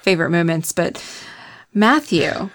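A woman's voice: on the low side, lively intonation, a little slow. A woman co-hosting a movie podcast, steering the conversation and agreeing often. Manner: agreeable, steers the talk, frequent mm-hmms. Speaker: podcast co-host. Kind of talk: casual movie discussion.

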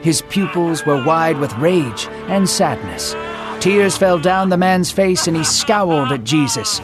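Guy telling a bible story dramatically, kinda higher voice, soft music behind. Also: lively intonation, measured pace. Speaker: narrator. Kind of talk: scripted storytelling narration.

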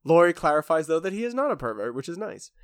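A man co-hosting a podcast recaps a reality show in loose, joking chat, swearing without a second thought. His pitch jumps around a lot and sits a bit high. The recording is dry and close, with no room sound. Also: big pitch swings, fast, clear, resonant tone, dry recording. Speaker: podcast co-host.

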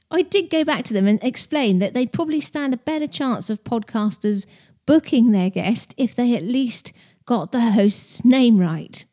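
A woman's voice: medium pitch, dark tone. A woman who hosts a podcast, giving business advice in a chatty, direct way and explaining with stories and analogies. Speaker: podcast host.

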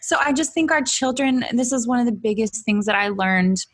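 A woman's voice: on the high side, animated, moderate pace. A woman guest in a casual interview, chatty and earnest, laughing often as she shares a personal faith story. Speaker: podcast guest.

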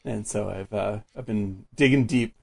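A man's voice: fairly low pitch, normal speed, creaky, darkish tone, breathy edge. A man in casual movie chat, rambling and enthusiastic with lots of fillers.

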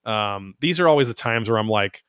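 A man's voice: on the low side, expressive, fairly quick, a bit bright, clear, resonant tone, dry recording, studio quality. Rambling, foul-mouthed male podcast host. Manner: rambling, profane, wry. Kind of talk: casual episode recap chat.

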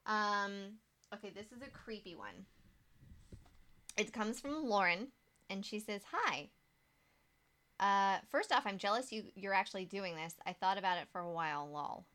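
A woman's voice: mid-range voice, lively intonation, normal speed, pauses often, sharp tone. Swearing, laughing woman podcast co-host. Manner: swears freely, laughs often. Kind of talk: casual chat, reading listener stories.

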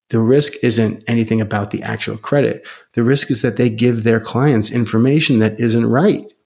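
A man's voice: on the low side, gravelly. A man talking on a podcast in a casual, enthusiastic way, with lots of "you know" fillers. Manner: enthusiastic, rambling with many fillers. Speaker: podcast guest.

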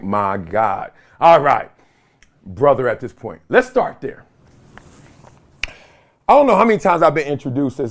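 Animated high-voiced man telling stories. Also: moderate pace. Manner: animated storytelling with laughs and mimicked voices. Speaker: host. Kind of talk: comedic solo talk show monologue.

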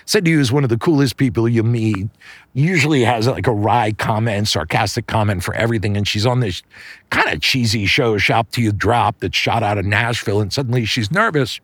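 A man's voice: lowish voice, a bit bright, husky, dry recording. Man improvising a loose bedtime story. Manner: loose, conversational, with many fillers and restarts. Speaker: podcast host and storyteller.

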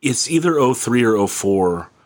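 A man interviewing a musician, asking brief low-key questions. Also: lively intonation, moderate pace, darkish tone.

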